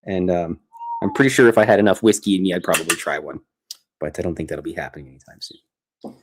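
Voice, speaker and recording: With noise in the background, a man with a low voice talks quickly while drawing on a casual livestream from his home art studio. He rambles in a chatty way and keeps interrupting himself.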